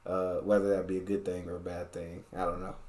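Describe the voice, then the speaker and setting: A man's voice: deep voice, level tone, brisk, darkish tone. An American man hosting a reaction video, talking in a casual, agreeable way and laughing often. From United States. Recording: echoey room.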